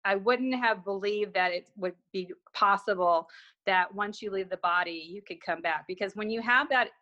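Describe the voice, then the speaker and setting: A woman's voice: mid-range voice, moderate pace, sharp tone, lo-fi sound. A woman guest telling a personal story in conversation, acting out remembered dialogue with frequent restarts.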